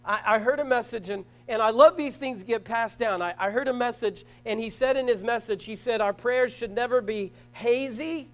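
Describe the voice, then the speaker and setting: A man's voice: very high-pitched, normal speed, few pauses. A man preaching a sermon as pastor to a church congregation, earnest and emphatic, repeating phrases as he builds a point.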